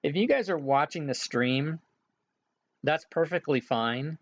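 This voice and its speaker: Somewhat high and animated, this man's voice moves at a measured pace, though the recording is muffled. Acting as game master in an online session, he casually guides players through setup, often filling gaps with filler sounds.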